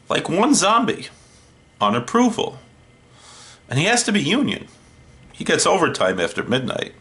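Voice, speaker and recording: A man hosting a horror movie show, doing a comedic one-sided phone call in a deadpan, wry way. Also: mid-range voice, creaky.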